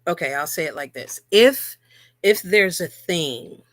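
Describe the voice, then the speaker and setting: A woman's voice: lowish voice, expressive, a little slow, fairly bright tone, dry recording. A woman co-hosting a live talk about relationships, speaking earnestly and repeating key phrases for emphasis. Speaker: co-host.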